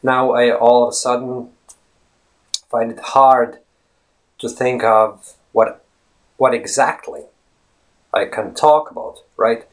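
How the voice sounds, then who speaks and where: A man's voice: medium pitch, steady tone, slow pace, long pauses. A man giving a casual English lesson, talking straight to viewers as friends and rephrasing his points as he goes. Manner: chatty, repeats and rephrases points. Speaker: English teacher. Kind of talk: casual teaching monologue.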